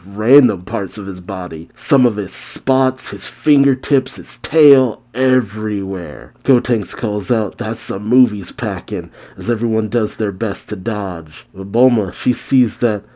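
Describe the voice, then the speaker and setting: A man recapping a comic chapter scene by scene with casual asides of his own. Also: fairly low pitch. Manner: steady storytelling narration with casual asides. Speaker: manga reaction host. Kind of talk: manga chapter recap and commentary.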